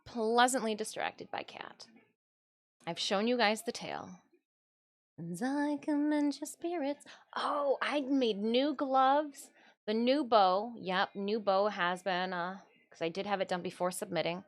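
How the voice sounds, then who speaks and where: A woman's voice: fairly high pitch, unhurried. A woman from Michigan chatting casually on a live stream, easily distracted and full of "like.". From Michigan, USA. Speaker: streamer and cosplayer.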